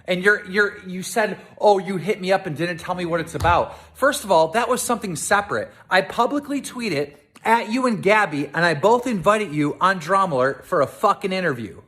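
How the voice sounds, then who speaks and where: A man's voice: high voice, expressive, normal speed, few pauses, fairly bright tone. A man in an angry, profane rant, talking heatedly and repeating himself. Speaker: online show host in a clip. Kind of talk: angry ranting video.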